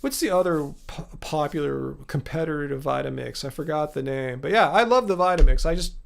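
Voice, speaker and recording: Speaking a little fast in a creaky, higher-leaning voice, a male livestream host from Los Angeles runs a laid-back live Q&A. He wanders from point to point, leaning heavily on fillers.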